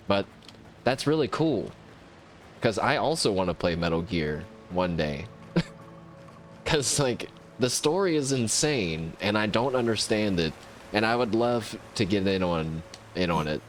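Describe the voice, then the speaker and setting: A man hosting a let's play, chatting excitably and rambling between game moments. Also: fairly low pitch. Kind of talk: casual gameplay commentary.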